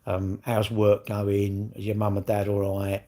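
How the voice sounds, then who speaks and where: On his livestream, a middle-aged Englishman wanders casually through questions from viewers. He speaks a little slowly in a lowish, monotone, mellow voice.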